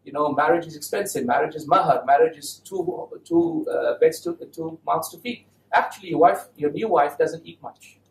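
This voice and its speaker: Animated male lecturer in an echoey hall. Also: on the high side, normal speed, gravelly, few pauses. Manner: animated, questions the audience often. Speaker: Islamic speaker giving a talk. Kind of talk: lively lecture to an audience. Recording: echoey hall, mic at a distance.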